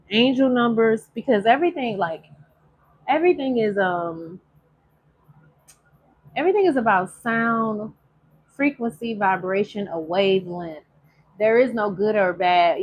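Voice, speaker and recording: A woman tarot reader with a medium-pitched voice gives viewers a casual, emotional spiritual reading, chatty in manner and drawing some phrases out in a sing-song way. The audio has its highs cut off.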